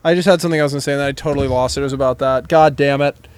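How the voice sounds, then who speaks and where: A young man in his twenties co-hosting a comedy podcast, telling loud, swear-filled anecdotes in casual chat. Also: mid-range voice, steady tone, rapid-fire, clean tone, no room sound. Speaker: podcast co-host.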